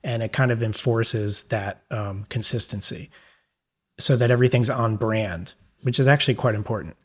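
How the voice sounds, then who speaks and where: A man with a New York accent, a podcast guest explaining legal software in a casual, rambling way with fillers. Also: on the low side, normal speed, breathy edge. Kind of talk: conversational interview.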